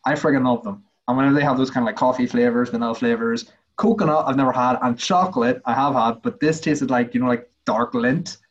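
A man's voice: mid-range voice, steady tone, quick pace, few pauses, muffled recording. A man co-hosting a casual podcast over a video call, teasing and playful. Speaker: podcast co-host. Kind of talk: casual chat.

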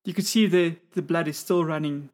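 Tabletop game master, narrating, calm, descriptive. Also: mid-range voice, normal speed.

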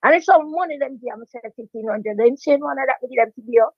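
An older Jamaican woman, a veteran dancehall DJ, telling her story in a lively patois interview with emphatic repetition. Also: high-pitched, fast, husky, no echo. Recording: dry, dull lo-fi sound.

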